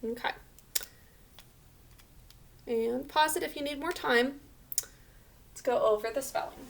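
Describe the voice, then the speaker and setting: A woman's voice: high-pitched, unhurried, gravelly, a little hiss or hum. A woman teacher giving a recorded spelling lesson, patiently sounding out each syllable and letter sound.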